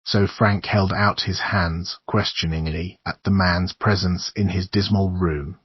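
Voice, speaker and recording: A man narrating a horror audiobook in measured storytelling. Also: sits low, fairly even intonation, breathy edge, no room sound. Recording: dull lo-fi dry recording.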